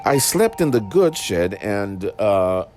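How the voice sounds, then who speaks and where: A man's voice: lowish voice, big pitch swings, slow, darkish tone. A man voicing a boastful, flustered male tank engine that stammers when caught out, in a storybook tale. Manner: stammering, bluffing. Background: background music.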